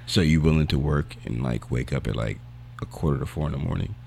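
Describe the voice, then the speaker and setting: A man's voice: extremely low pitch, a little fast, vocal fry, a little mellow, a little hiss or hum. A young man co-hosting a podcast in casual, slangy, rambling chat while losing his voice. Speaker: podcast co-host.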